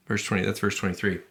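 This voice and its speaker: A man's voice: lowish voice, sharp tone. A man co-hosting a podcast in a casual comedic chat, wry and self-deprecating as he tells puns. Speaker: podcast co-host.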